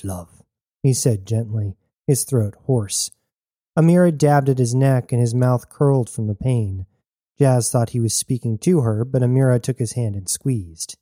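A male narrator reads a story in measured, deliberate phrases, pausing often. His voice is very dark and mellow, and the close, dry recording has no room sound. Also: medium pitch, no echo. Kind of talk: scripted audiobook narration.

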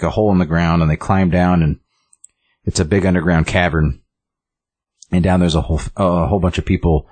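A man with a very low, husky voice retells a story in a loose, rambling way, peppered with fillers and restarts. His delivery is relaxed and conversational. The sound is close and dry. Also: no room sound. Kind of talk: casual recap of a story.

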